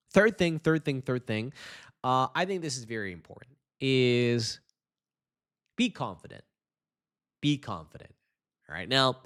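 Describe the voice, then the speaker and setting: A man teaching public speaking on a podcast, fast-talking by nature, with frequent restarts and big swings in pitch for emphasis. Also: fairly bright tone. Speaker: English teacher.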